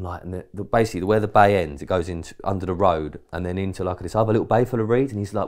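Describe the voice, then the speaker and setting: A man's voice: deep voice, fast talker, hardly any pauses, a little mellow. A man from England co-hosting a podcast, telling a rambling anecdote in casual chat and acting out quoted dialogue with mild swearing. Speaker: podcast co-host.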